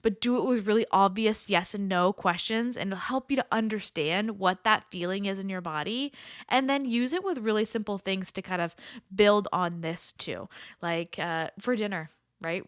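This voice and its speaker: A woman's voice: mid-range voice, no echo, studio quality. Chatty upbeat woman podcast host. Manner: chatty, upbeat, many filler "like"s. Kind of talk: casual coaching talk.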